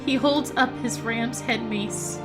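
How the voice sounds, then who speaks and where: Woman, game host, tearful, stammering, emotional commentary, slow, fairly high. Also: over loud music. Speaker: host of a choice-game let's play.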